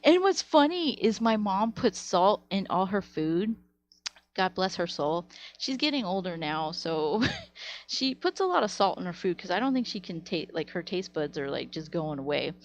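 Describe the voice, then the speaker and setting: A woman live streamer telling stories in a casual, animated way, laughing often. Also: lowish voice, moderate pace, dull audio. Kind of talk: casual storytelling to chat.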